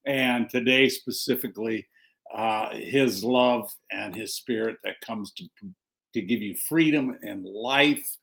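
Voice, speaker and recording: A man with a gravelly, creaky voice and a Southern Californian accent speaks as a pastor. He talks in a loose, rambling way, full of "uh" and restarts. Then he settles into a plain spoken prayer. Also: lowish voice, takes it slowly. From United States. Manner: relaxed, rambling with fillers and restarts. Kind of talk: casual sermon and spoken prayer.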